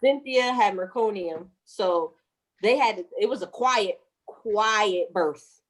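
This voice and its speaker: A woman's voice: medium pitch, takes it slowly. A woman in her thirties telling a birth story with lots of laughter and swearing, acting out every voice in the story. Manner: lively, laughing, cussing, acts out voices. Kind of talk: animated storytelling with acted-out quotes.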